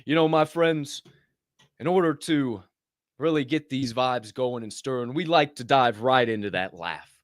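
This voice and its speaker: A man hosting a morning motivational show, talking playfully with loud bursts and hushed asides between sips of coffee. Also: mid-range voice, a little slow, no echo, studio quality. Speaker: podcast host. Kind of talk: energetic morning show monologue.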